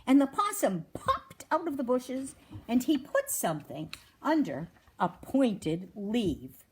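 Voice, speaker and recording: A woman's voice: on the high side, takes it slowly, husky. A woman from a wildlife rescue reading a children's story aloud and asking the audience questions. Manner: animated, asks the audience questions.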